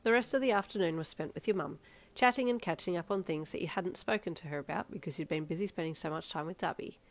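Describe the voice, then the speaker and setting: A woman narrating a second-person fanfiction story in a steady reading voice. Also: fairly low pitch, fast talker. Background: soft instrumental music.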